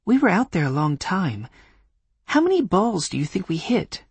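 A man voicing a quick-witted young woman apprentice who talks in a bright, teasing way. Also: sits high, very animated, breathy edge, no room sound, pitched above the performer's own voice, heavily acted. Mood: playful.

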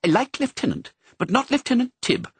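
Casting: a man doing a haughty lady cat in a storybook, lifted higher than his own voice, prim and precise. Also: sing-song, fairly quick, husky, no echo, heavily acted. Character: proud female cat, fussy about names.

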